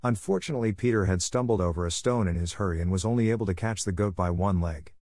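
A man narrating a children's story aloud in a steady storytelling manner. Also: deep voice, fast talker, no echo, clean studio sound. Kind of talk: audiobook reading.

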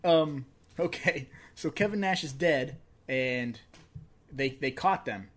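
A man's voice: mid-range voice, takes it slowly, a bit bright. A man co-hosting a podcast in casual chat, laughing often and swearing freely. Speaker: podcast co-host.

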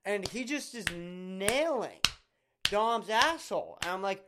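A man's voice: high voice, lively intonation, measured pace, fairly bright tone. A young man hosting a casual podcast monologue, rambling through crude, absurd stories with lots of fillers. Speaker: podcast host.

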